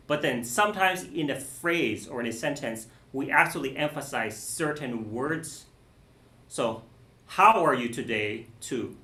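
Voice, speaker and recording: A man teaching a cello masterclass, explaining bowing and phrasing patiently, with many pauses, restarts and "okay"s. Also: mid-range voice, a bit bright. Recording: roomy echo.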